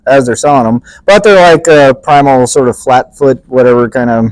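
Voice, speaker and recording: A man's voice: mid-range voice, moderate pace, darkish tone, clean tone, no room sound, low-quality recording. A man co-hosting a podcast, chatting casually, joking and swearing freely. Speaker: podcast co-host. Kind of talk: casual chat.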